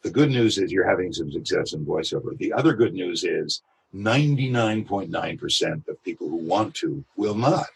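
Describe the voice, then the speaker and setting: A voice actor guest on a podcast talks through his craft in a low, husky, expressive voice. He's reflective, explaining things with examples and quick imitations.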